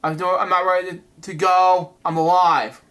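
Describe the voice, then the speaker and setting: A man reading the lines of a frightened stranger who has lost his memory and begs for help, in a plain, flat voice that stumbles now and then. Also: high voice, normal speed. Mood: pleading.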